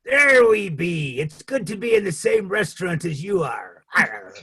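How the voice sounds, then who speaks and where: A woman's voice: lowish voice, big pitch swings, a little slow, bright, forceful tone, breathy edge, pitched below the performer's own voice, exaggerated voice. A performer voicing a pirate-like man with an eye patch on a comic date, growling his words. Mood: gruff. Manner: growling "arr", pirate talk. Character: gruff pirate-like male Tinder dater with an eye patch. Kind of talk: improv comedy scene.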